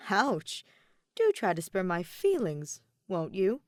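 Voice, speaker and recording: A woman's voice: medium pitch, very animated, unhurried, darkish tone, dry recording, studio quality. A woman doing a playful, teasing young man. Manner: light, teasing, theatrical.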